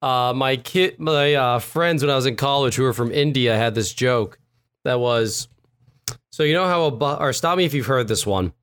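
A man's voice: mid-range voice, moderate pace, fairly bright tone, clean tone. A man co-hosting a casual podcast chat, joking and rambling, often laughing. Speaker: podcast co-host.

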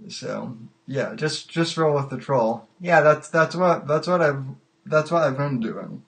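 A man hosting a live call-in podcast, halting and often repeating his words. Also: on the high side, gravelly. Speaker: podcast host. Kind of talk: live call-in show chat.

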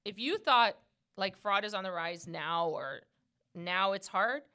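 A woman hosting a podcast, chatting casually and acting out quick quoted asides. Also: mid-range voice, clean tone. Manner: animated, talks fast with quick quoted asides. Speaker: podcast host. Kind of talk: casual chat.

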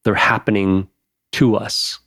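A man hosting a podcast in casual chat, animated, laughing often and swearing freely. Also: lowish voice, slow, no room sound, studio quality.

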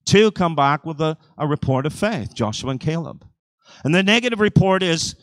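A male pastor delivering a sermon, swinging between loud, driving surges and quiet, conversational asides. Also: fairly high pitch, normal speed, no echo, rough recording. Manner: animated preaching with sudden surges and drops in volume.

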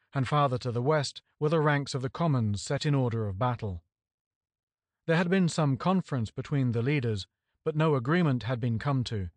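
A man reading a history book aloud in a measured, even audiobook narration. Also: mid-range voice, no echo. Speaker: audiobook reader.

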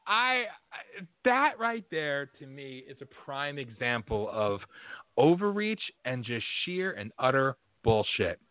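A man's voice: medium pitch, big pitch swings, a little slow, dry recording. A man hosting a casual conversation, telling a story bluntly with plenty of profanity and getting more worked up as he goes. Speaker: host. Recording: tinny phone-line audio.

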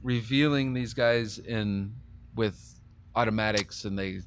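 A man co-hosting a casual movie podcast, agreeing a lot and chiming in with quick remarks. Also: lowish voice. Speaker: podcast co-host. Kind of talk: casual movie review chat.

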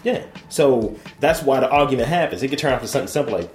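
A man's voice: medium pitch, expressive, quick pace, few pauses, reverberant. A man co-hosting a podcast in loose, crude banter, rambling and profane and laughing often. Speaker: podcast co-host.

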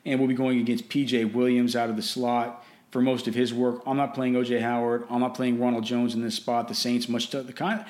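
A man's voice: mid-range voice, flat delivery, brisk, darkish tone. A man giving casual fantasy football and betting commentary in a blunt, opinionated way, often restarting and repeating words.

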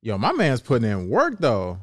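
A man's voice: mid-range voice, wildly swooping pitch, normal speed, dry recording. Young guy chatting about fights on a podcast, easygoing slang, dry mic. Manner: laid-back banter, slangy, laughs often. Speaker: podcast co-host. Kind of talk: casual MMA podcast chat.

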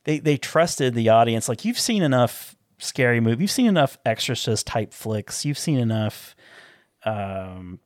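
A man's voice: mid-range voice, animated, unhurried, dry recording, clean studio sound. A man co-hosting a casual movie chat, talking with enthusiasm. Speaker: podcast co-host.

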